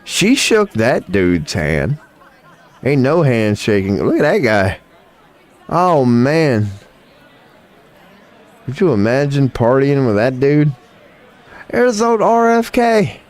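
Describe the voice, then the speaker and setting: A man's voice: mid-range voice, sing-song, takes it slowly, pauses often, some chatter behind. A man hosting a livestream and giving joking, trolling reaction commentary with drawled asides. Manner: crude, joking, trolling banter; drawling interjections like "come on now, man". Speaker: livestream host.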